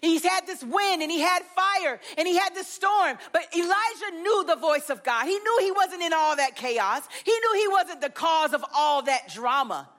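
A woman with a notably high voice preaching a sermon. She speaks earnestly and expressively, retelling a scripture story with conviction. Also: expressive, moderate pace, hardly any pauses, a bit bright.

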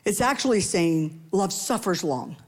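This preacher speaks a little slowly, her voice a little mellow and breathy with lively intonation. Her sermon is conversational and playful, full of asides to the congregation, and she often performs quoted voices with a rising pitch.

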